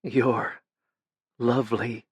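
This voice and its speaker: A man's voice: medium pitch, flat delivery, husky, dry recording, full character voice. Fading young man, tender, barely whispering, read by a male narrator, dry close audiobook sound. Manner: faint, halting, near a whisper. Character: dying young man, gentle, slurring, tender. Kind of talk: audiobook character reading.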